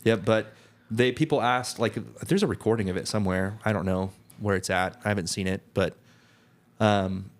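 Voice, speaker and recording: A man's voice: on the low side, normal speed. A young man co-hosting a podcast, telling rambling stories in casual chat with lots of fillers. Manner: rambling, many restarts and "like" fillers. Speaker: podcast co-host.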